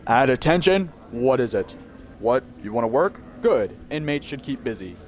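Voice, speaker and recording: A man voicing a gruff, stern prison captain who barks slow, commanding orders in a video game. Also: mid-range voice, very animated, faint music behind. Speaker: game character.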